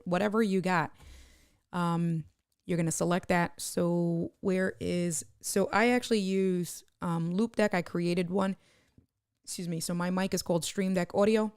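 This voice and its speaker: A woman live streamer giving a casual tutorial on streaming software, chatting as she clicks and greeting viewers by name. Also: fairly low pitch, smooth, no room sound, clean studio sound.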